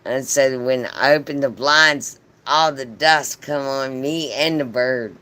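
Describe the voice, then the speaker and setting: A man's voice: mid-range voice, slow, pushed and bright. A man telling a casual, profane story on a livestream, laughing often as he talks. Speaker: live streamer.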